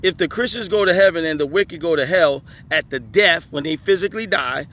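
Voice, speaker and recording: A man's voice: a little high, a little fast, fairly bright tone. A man outdoors on a hot day, reading questions aloud and commenting on them, laughing often and talking back to the text. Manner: laughing, emphatic, talks back to the page. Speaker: religious commentator.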